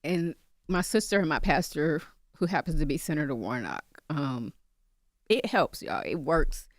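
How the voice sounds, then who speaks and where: A woman with a lowish voice talks as a guest in a radio studio, urging her listeners with passion. Her voice is close and dry, with no room around it. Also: expressive, moderate pace, no room sound. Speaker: guest, mental health advocate. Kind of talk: earnest interview talk.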